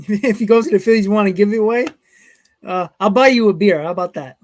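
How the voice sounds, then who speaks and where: A man's voice: high-pitched, fast, a little mellow. A man hosting a live stream, reading chat comments and telling stories in a casual way, often chuckling. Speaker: host.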